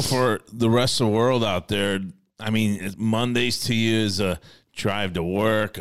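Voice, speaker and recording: A man's voice: fairly low pitch, a bit bright, clear, resonant tone. A man co-hosting a casual stoner podcast, enthusiastic and laid-back, swearing a lot. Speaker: co-host.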